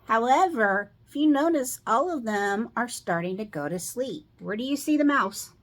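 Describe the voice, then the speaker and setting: A middle-aged woman reading a picture book aloud to children, pausing to ask them questions about the pictures. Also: fairly high pitch, lively intonation. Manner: slow, asks children questions.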